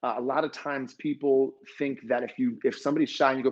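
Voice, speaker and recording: A man's voice: medium pitch, fast talker, dull audio. A man giving an earnest, emotional motivational talk at a conference, telling stories and acting out quotes. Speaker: conference speaker.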